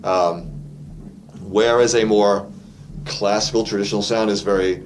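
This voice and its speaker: A man's voice: fairly low pitch, fairly even intonation, a little slow, a little hiss or hum. A man teaching a casual singing lesson as a vocal coach, explaining technique in a chatty way with fillers. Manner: demonstrates sung vowels and cartoon voices between explanations. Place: vocal studio.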